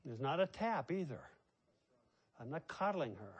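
A man's voice: fairly high pitch, very animated, unhurried, husky. An older man, a pastor, preaching a sermon and telling a family story in a conversational way.

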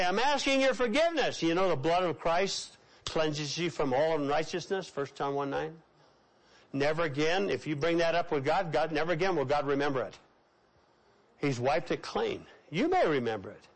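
A man preaching a sermon as a pastor, swinging between raised exclamations and hushed, slow phrases, and leading his congregation to repeat lines after him. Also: on the high side, rough recording.

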